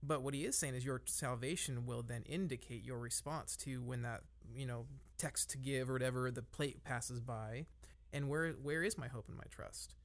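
A man's voice: medium pitch, normal speed. A man with an ordinary mid-range voice speaks earnestly in a podcast conversation. He stresses his points the way a preacher does. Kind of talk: casual podcast discussion.

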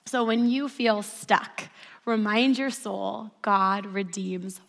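Slow and flat, her mid-range voice gravelly, a woman in her thirties gives an earnest church sermon. She tells stories and guides the audience through call-and-response, with a long reverb filling the hall.

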